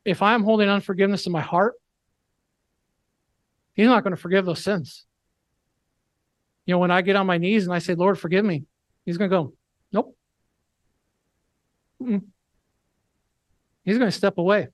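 A man preaching a sermon, earnest and emphatic, slowing down to read scripture aloud. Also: sits high, fairly even intonation, no echo.

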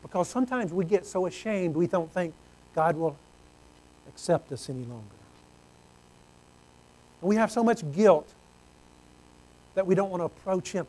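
A man preaching a sermon, earnest, swinging from loud exclamations to hushed low tones. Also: animated, moderate pace, long pauses, rough recording.

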